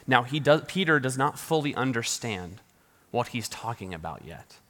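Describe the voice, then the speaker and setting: A man preaching a sermon in a relaxed, conversational way, often restarting his sentences and laughing lightly. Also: mid-range voice, normal speed. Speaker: pastor. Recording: reverberant hall.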